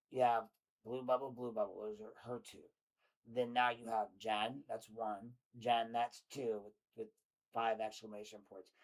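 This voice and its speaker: A man's voice: medium pitch, fairly bright tone. Blunt, profane man reading out texts. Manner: blunt, profane, talks to listeners as "guys". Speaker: podcast co-host. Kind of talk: reading texts aloud with commentary.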